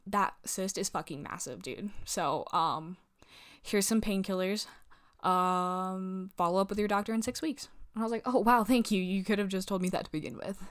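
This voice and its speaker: Young woman ranting thru a storytime, swears a lot, does everyone's voices, normal mid-pitch. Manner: profane, animated retelling with acted quotes. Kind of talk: casual storytime chat.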